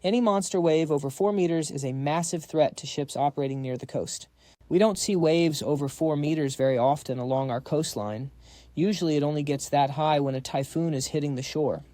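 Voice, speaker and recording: A man's voice: on the high side, brisk, warm tone, no echo. A man narrating a comic recap in a casual, slangy storytelling voice, reading every part himself.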